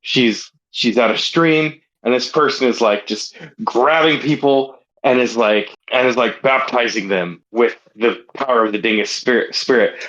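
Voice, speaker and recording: A man's voice: mid-range voice, moderate pace, few pauses, a bit bright, lo-fi sound. A man co-hosting a comedy podcast, telling a rambling story in casual chat with lots of filler words. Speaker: podcast co-host.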